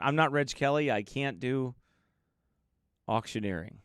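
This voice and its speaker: Before his sermon, a pastor from the United States chats and jokes casually with his livestream viewers, reading their names aloud. His mid-range voice is clear, resonant, and fairly bright, his pace measured, and the studio-quality audio carries no room sound.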